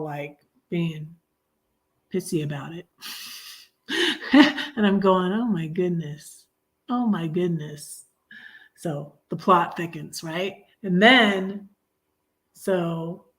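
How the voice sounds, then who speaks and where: Slow, rambling middle-aged woman. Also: fairly low pitch. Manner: rambling, chatty, talks straight to viewers. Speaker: livestream host. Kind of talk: casual storytelling livestream.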